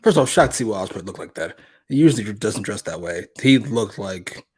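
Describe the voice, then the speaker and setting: A man's voice: fairly low pitch, lively intonation, a little fast, breathy edge. A man co-hosting a wrestling review podcast, talking bluntly with lots of swearing and laughing asides. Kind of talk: casual podcast review chat.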